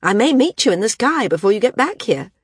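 A woman's voice: a little high, sing-song, a little fast, husky, dry recording, voice pushed up. A woman voicing an injured, stubborn young woman flyer in an audiobook, insistent and defensive. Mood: cheerful. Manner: insistent, raised and strained. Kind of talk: audiobook character voice.

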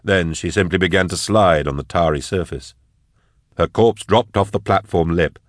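A man narrating an audiobook in a measured, even way. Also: sits low, no echo, studio quality.

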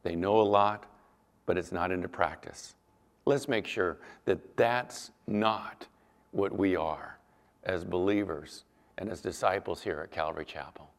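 A man's voice: low voice, unhurried, big-room sound. A male pastor preaching a sermon with emphatic, dramatic storytelling.

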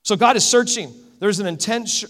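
High-voiced man preaching in a hall. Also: normal speed. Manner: animated storytelling, swings between loud and hushed. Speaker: pastor. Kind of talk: sermon. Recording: echoey hall.

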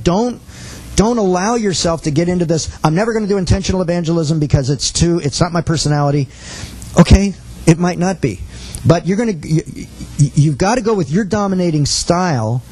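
A man's voice: sits high, a little mellow, husky, rough recording. A man giving an earnest teaching talk to a missions class, telling a personal story and quoting the dialogue.

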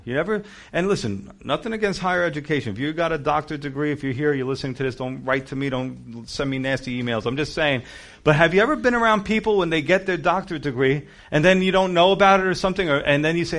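A male pastor preaching a casual, conversational sermon, acting out quotes and cracking jokes with laughter. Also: brisk. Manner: animated, acts out quotes with shifting pitch and volume; conversational, jokey asides with laughter.

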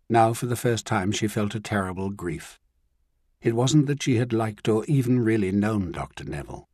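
A man narrates a novel in a measured, even way. His voice sits low and a little husky. It is recorded close and dry. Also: no echo. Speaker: audiobook narrator. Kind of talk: scripted audiobook narration.

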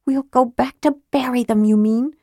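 A woman's voice: on the high side, steady tone, normal speed, no room sound, clean studio sound, voice pushed up, close to an everyday voice. A woman doing a firm, spirited young heroine. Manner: soft but firm, sharp-tongued.

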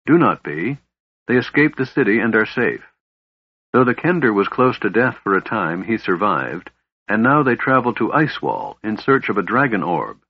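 A man voicing a weary, grave young elven princess who speaks softly and hesitantly in an audiobook. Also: on the low side, very animated, moderate pace, husky, lo-fi sound, full character voice. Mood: calm. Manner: soft, hesitant.

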